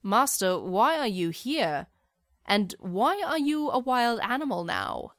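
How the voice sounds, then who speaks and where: A woman's voice: a little high, very animated, slow, no room sound, studio quality. A woman voicing an exasperated, curious male Jedi hermit, asking incredulous questions in a storytelling reading. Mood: questioning.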